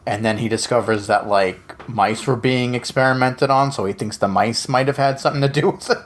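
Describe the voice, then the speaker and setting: A man's voice: medium pitch, brisk, slight background noise. A man co-hosting a podcast, chatting casually with a sarcastic, jokey manner. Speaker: podcast co-host. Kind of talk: casual chat.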